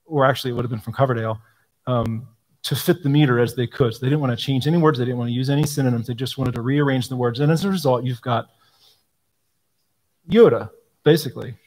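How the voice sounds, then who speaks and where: A man answering questions about a hymnal, explaining thoughtfully with frequent pauses and ums. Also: mid-range voice, a little mellow. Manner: thoughtful, explanatory, frequent ums, quotes hymn lines aloud. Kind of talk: live Q&A talk.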